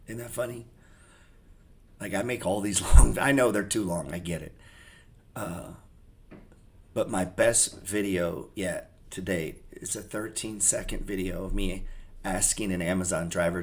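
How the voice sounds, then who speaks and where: Casual male host with a lowish voice, rambling off the cuff, swearing and joking with viewers. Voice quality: rambling, profane, loose and joking. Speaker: trading channel host. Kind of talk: casual unscripted livestream chat.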